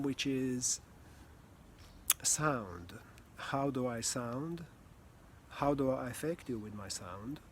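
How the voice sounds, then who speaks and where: Animated man coaching on communication. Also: mid-range voice, slight background noise. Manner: animated, demonstrates voices, drops to soft near-whisper. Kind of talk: casual teaching talk.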